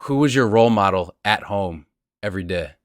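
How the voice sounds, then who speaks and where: A man's voice: lowish voice, lively intonation, a little fast, clean tone. A man hosting a podcast interview, asking long questions with many restarts and fillers. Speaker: podcast host.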